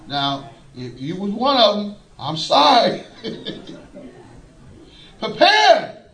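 A man preaching a folksy sermon, laughing often and rising to shouts. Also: sits high, huge pitch swings, extremely slow, roomy sound, rough recording.

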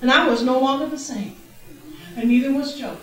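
A middle-aged woman preaching a lively testimony in a church, laughing and calling out praises. Her voice is high and bright. She sounds far from the mic, and a long, heavy echo fills the room. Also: a little fast, soft background music. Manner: exuberant, laughing, shouting praises. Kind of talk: testimony sermon. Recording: very echoey church, distant mic.

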